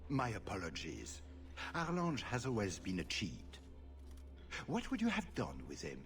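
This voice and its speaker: Game casting: a smug scheming noble, sing-song delivery, unhurried. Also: male voice, fairly low pitch, wildly swooping pitch, soft background music, exaggerated voice. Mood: sly. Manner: silky, mocking, laughs at others. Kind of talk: video game character dialogue.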